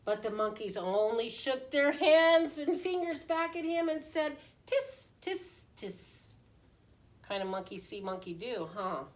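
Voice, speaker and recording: A woman preschool teacher reading a picture book aloud in an animated way, often asking the children questions. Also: a little high, moderate pace, hardly any pauses. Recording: voice distant from the mic.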